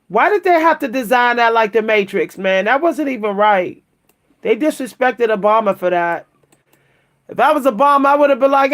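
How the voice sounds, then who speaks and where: A woman hosting a casual livestream, talking to her viewers, laughing often and exclaiming in a high squeal. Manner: animated, keeps exclaiming "what?" in a high squeal; laughs between remarks, talks to viewers as "y'all". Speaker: livestream host reacting to pictures.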